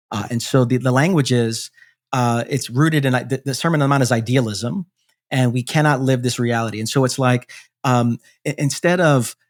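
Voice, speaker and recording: A man, a pastor guest on a podcast, explaining theology in a thoughtful, measured way with frequent fillers. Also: medium pitch. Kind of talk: reflective theological discussion.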